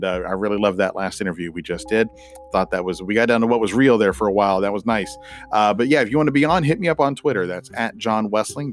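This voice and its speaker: A middle-aged man hosting a podcast, wrapping up in a casual, rambling way with lots of fillers and playful rhymes. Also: on the low side. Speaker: podcast host.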